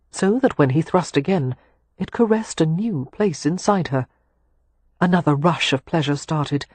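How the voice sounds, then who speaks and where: A male narrator reads a romance audiobook in a slow, intimate way. His voice sits a bit high and sounds husky. The recording is close and dry. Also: no room sound. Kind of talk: scripted narration.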